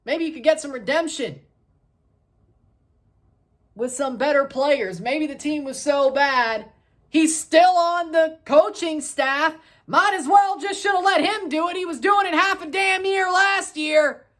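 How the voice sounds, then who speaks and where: A woman hosts her own soccer review show and rants on her own about the match. Her voice sits high, and she talks at an unhurried pace. She sounds heated and exasperated, and she swears casually as she goes. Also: fairly bright tone. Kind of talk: ranting solo match review.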